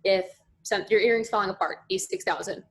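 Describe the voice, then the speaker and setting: A woman's voice: mid-range voice, steady tone, fairly quick. Young woman, podcast guest, chatty storyteller, frequent "like" fillers. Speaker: podcast guest, pageant contestant. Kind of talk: casual podcast chat.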